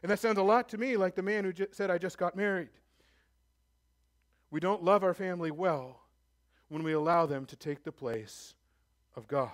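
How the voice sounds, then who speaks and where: Male pastor, sermon, high voice, earnest, emphatic then hushed, church. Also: normal speed, long pauses. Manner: earnest, rises to emphatic then drops low and soft.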